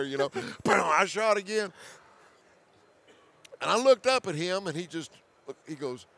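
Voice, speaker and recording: A man telling a hunting story as a guest, animated, laughing often, with hurried restarts and repeated words. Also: high voice. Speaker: hunting show host as guest. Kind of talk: storytelling in conversation.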